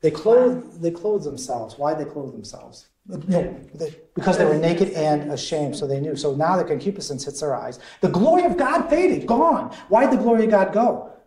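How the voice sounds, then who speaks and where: A man in the role of a deacon, leading a conversational Bible study in an animated way, quizzing the group and chuckling often. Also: fairly high pitch, moderate pace. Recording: echoey room.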